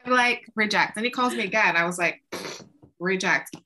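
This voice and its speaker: A woman with a bright, forceful voice tells her story in a relaxed interview. She talks casually and animatedly, slipping into quoted exchanges with lots of "like" along the way. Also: mid-range voice, moderate pace, a little hiss or hum. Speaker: songwriter and producer guest.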